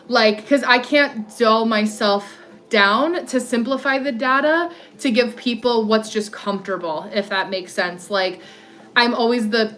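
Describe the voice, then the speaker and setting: A woman's voice: on the high side, a bit bright. A woman in her thirties with an alto voice, hosting a casual walk-and-talk livestream on her phone, rambling with lots of "like" fillers and replying to viewer comments. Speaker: livestream host.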